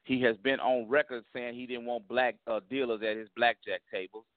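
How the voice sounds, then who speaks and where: A man's voice: medium pitch, steady tone, a little fast. A male comedian calls into a talk show and makes his case emphatically, stacking repeated words and slang. His voice comes through a tinny phone line. There is no room echo at all. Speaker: comedian guest. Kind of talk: phone interview.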